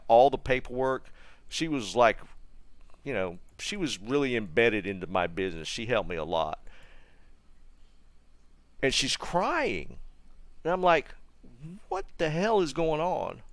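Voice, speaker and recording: American streamer, mid-pitched, dry-miked, chatty and rambling with frequent restarts. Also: male voice, expressive, measured pace, long pauses, no room sound. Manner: rambling, full of restarts and asides to chat. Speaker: gaming streamer. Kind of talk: casual storytelling while streaming.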